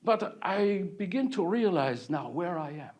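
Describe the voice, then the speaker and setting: A man performing a playful, theatrical French painter who recounts his youth with animated glee and teases the crowd. His voice sits high and swings widely, full of bounce and drama. It is a live one-man stage show in a hall. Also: measured pace. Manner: animated, joking with the audience. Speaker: actor portraying a painter. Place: village hall, live audience.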